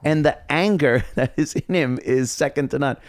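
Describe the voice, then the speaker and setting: A man's voice: a little high, moderate pace, no echo, studio quality. A middle-aged man, a radio host guesting on a podcast, talking bluntly and profanely with frequent laughs. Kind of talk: casual chat.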